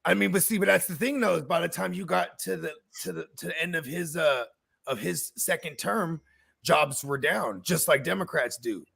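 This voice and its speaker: A man's voice: on the high side, normal speed, creaky, fairly bright tone, breathy edge, no room sound, studio quality. A man co-hosting a podcast, talking in a loose, profane, slangy way. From California. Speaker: podcast co-host. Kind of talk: casual chat.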